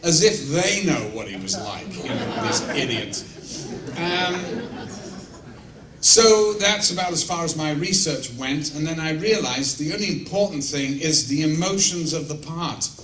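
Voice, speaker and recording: A man's voice: on the high side, animated, unhurried, crowd noise. A man answering fan questions at a convention, telling blunt, profane, self-mocking anecdotes in a casual way. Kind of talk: casual storytelling Q&A. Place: large convention room with audience. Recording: roomy echo, mic at a distance, faint noise.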